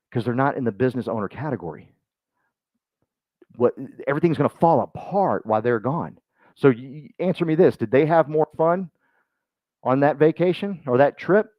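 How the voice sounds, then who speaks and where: A man speaking to a live group at a business meeting, joking and acting out quick voices as he goes. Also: medium pitch, dry recording, lo-fi sound. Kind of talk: motivational talk to a live group.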